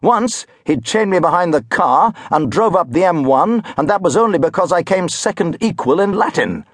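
A man's voice: sits high, lively intonation, normal speed, husky, dry recording, studio quality, pitched above the performer's own voice. A man doing a moaning pompous father. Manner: moaning, self-pitying. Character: pompous angry middle-aged father, moaning.

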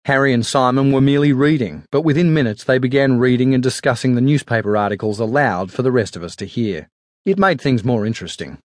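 A man's voice: medium pitch, fast talker, dry recording. Man narrating an audiobook, dry sound. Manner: steady, even storytelling. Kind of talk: scripted narration.

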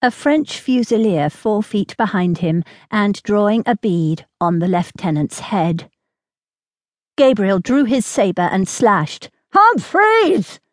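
A woman narrating a historical romance audiobook in a steady, measured storytelling manner, recorded close in a studio. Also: medium pitch, dry recording.

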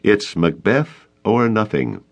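A man's voice: lowish voice, sing-song, slow pace, pitched above the performer's own voice, heavily acted. A man reading an audiobook, voicing a stubborn young male teacher who speaks firmly and reasonably. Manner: firm, reasonable.

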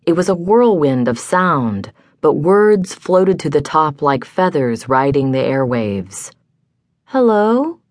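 A woman narrating a hardboiled mystery audiobook in a measured, deliberate first-person telling. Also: deep voice, lively intonation, darkish tone, dry recording. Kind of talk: scripted narration. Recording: dry studio.

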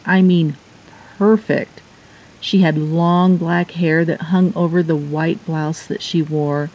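A woman narrating a first-person erotic audiobook in a measured, intimate storytelling manner. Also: lowish voice, warm tone, husky, highs cut off.

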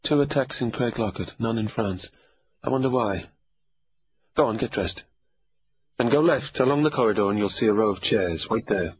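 A man voicing a blunt, sardonic older army doctor who gives brisk orders. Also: lowish voice, animated, breathy edge, lo-fi sound. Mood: brusque. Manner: brisk, bossy, teasing. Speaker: army medical examiner.

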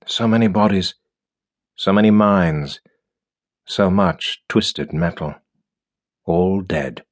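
A man reading a science fiction audiobook in a measured, steady storytelling manner. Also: low-pitched. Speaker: audiobook narrator. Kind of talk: scripted narration.

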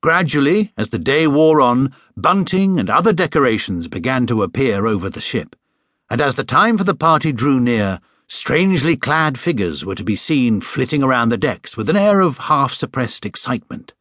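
Male audiobook narrator, husky, expressive, dry close studio sound. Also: medium pitch, moderate pace, dry recording. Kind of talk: scripted storybook narration.

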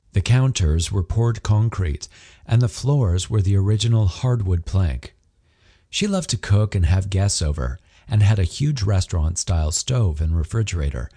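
A man narrating a romance audiobook in an expressive, storytelling manner. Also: low voice, breathy edge. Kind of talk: scripted narration.

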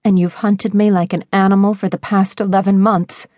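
A woman's voice: mid-range voice, little pitch movement, moderate pace, darkish tone, no echo, lo-fi sound, close to an everyday voice. A woman narrator voicing a frightened but defiant young woman who speaks in a hard, clipped tone.

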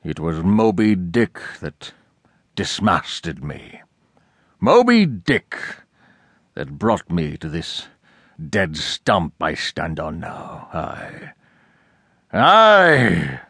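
Pria memerankan kapten laut tua yang berang. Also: male voice, sits low, very animated, slow, breathy edge, dry recording, studio quality, voice pushed down, exaggerated voice. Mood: raging. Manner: ranting, shouting, wildly swinging. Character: fierce obsessed old male sea captain.

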